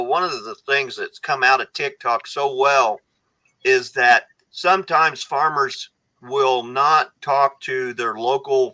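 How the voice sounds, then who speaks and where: A man's voice: medium pitch, bright, forceful tone, rough recording. A man speaking as a guest on a podcast, an earnest storyteller who often restarts his sentences. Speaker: guest, foundation founder. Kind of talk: casual podcast conversation.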